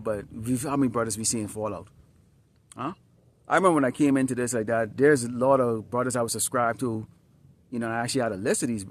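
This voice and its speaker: A man preaching an outdoor sermon, emphatic and repetitive, often checking in with the listeners with short questions. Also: mid-range voice. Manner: emphatic, repetitive, peppered with "Huh?" and "All right?". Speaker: street preacher. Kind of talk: outdoor sermon with scripture reading. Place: outdoors, dusty and slightly windy.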